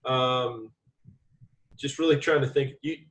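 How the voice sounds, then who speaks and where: A man's voice: medium pitch, fairly even intonation, slow pace, a bit bright, rough recording. A young man co-hosting a casual sports talk show, joking and rambling as he argues over calls and picks. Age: young adult. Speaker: co-host.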